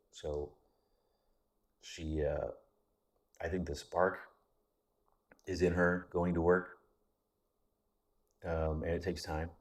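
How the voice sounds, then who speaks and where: A man's voice: extremely low pitch, darkish tone. A man talking in a casual vlog monologue, rambling and candid, with frequent restarts and casual swearing. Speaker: vlogger.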